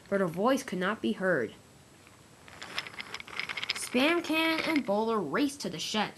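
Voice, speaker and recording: A woman's voice: mid-range voice, big pitch swings, takes it slowly, pauses often, noisy background. A woman narrating a homemade toy-train story in a casual way, with small slips and restarts.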